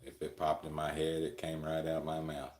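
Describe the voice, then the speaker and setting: A man's voice: very deep voice, completely flat delivery, normal speed, a little mellow, reverberant, a little hiss or hum. A man hosting a live stream, telling rambling, crude, joking stories and chuckling often. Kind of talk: casual storytelling chat.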